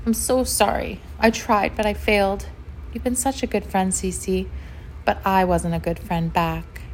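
A woman's voice: medium pitch, little pitch movement, measured pace, a little hiss or hum, close to an everyday voice. A woman voicing an anxious, earnest male polar bear in a storybook, breathless and overly polite. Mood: hushed sorrow. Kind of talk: storybook narration.

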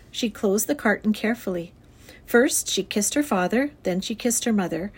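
A woman teacher reading a children's novel aloud to her class in a clear, expressive storytelling voice. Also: mid-range voice, normal speed. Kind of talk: read-aloud children's book.

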